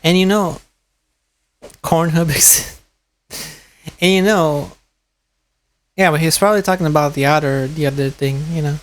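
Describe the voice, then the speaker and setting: A man's voice: a little high, normal speed, pauses often. A man, streaming and chatting casually, telling stories with frequent laughs and swearing. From Brazil. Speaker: streamer reacting to a video. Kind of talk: casual chat.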